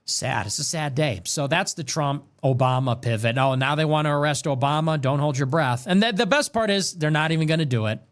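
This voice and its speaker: A man's voice: a little fast, hardly any pauses. Sarcastic young man ranting on politics. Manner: sarcastic, emphatic, swings from loud jabs to low mutters. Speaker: political commentary show host. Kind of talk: ranting political commentary monologue.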